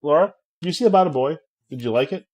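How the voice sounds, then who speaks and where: A man in his forties co-hosting a casual podcast chat from home, full of crude jokes and animated banter. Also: on the high side, quick pace, muffled recording. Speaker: podcast co-host.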